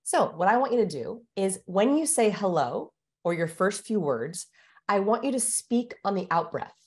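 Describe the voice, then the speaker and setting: A woman's voice: medium pitch, lively intonation, normal speed. A woman speaking as a guest expert on a podcast, explaining and demonstrating ways of speaking in a coaching manner. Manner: coaching, demonstrates vocal exercises. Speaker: guest expert on body language. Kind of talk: instructive podcast conversation.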